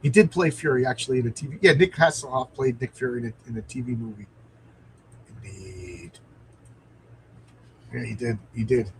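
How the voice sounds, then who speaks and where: A man's voice: mid-range voice, moderate pace, pauses often, a little hiss or hum, rough recording. A man hosting a live stream, reading a comic aloud with enthusiasm and answering viewer comments.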